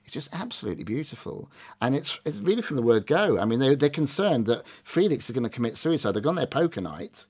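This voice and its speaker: A middle-aged man talks through an old film comedy in relaxed conversation. His delivery is lively and animated, jumping up in pitch whenever he acts out a quoted line. He sounds like a regular host chatting about films. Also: fast. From Britain. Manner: animated, acts out quoted lines in varied voices. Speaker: film reviewer. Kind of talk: casual film review chat.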